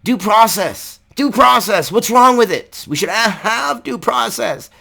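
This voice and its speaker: A man's voice: high-pitched, expressive, a little slow, gravelly. A man ranting angrily in a vlog, swearing heavily, raising his voice and firing off rhetorical questions. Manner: profane, heated, shouting at times. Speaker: political commentary vlogger. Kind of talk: angry ranting commentary.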